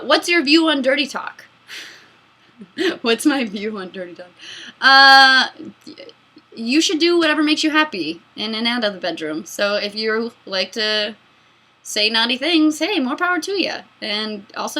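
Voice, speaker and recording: A woman in her mid-twenties hosting a casual fan Q&A, excitable and giggly, rambling between answers. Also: a little high. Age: mid-20s. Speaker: YouTube host answering fan questions. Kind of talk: casual Q&A chat.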